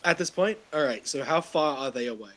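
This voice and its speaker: A man's voice: mid-range voice, animated, brisk, fairly bright tone. A man playing a tabletop role-playing game, rambling and laughing as he describes his character's clumsy actions. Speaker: player. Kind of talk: casual tabletop role-play.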